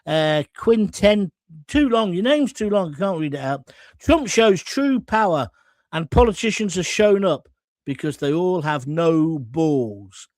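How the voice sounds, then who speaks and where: Guy hosting a live show, high voice that swings all over, blunt and jokey, dry close sound. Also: expressive, unhurried, a little mellow, dry recording. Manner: blunt, combative, jokey, reads chat comments aloud. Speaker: host. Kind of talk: live talk show reading viewer comments.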